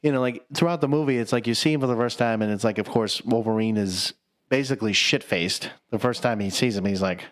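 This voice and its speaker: A man in a middle pitch, chatting loosely and excitedly about a movie with a friend. He swears often and pushes his voice up high whenever he quotes someone. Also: quick pace. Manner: excited, profane, acts out quotes in raised voices. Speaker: podcast co-host. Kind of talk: casual chat.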